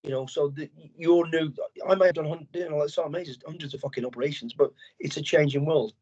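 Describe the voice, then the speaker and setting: Middle-aged man, ex-soldier guest, animated and profane; slightly high voice on lo-fi audio. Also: fast. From England. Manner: blunt, heavy swearing, animated storytelling. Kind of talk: casual interview chat.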